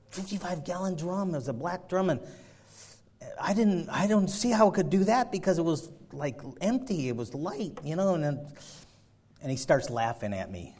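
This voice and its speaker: A man preaching a sermon, telling a personal story with animated, laughing retellings before building to loud exhortation. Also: a little high. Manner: animated storytelling, acts out his own panic with laughter.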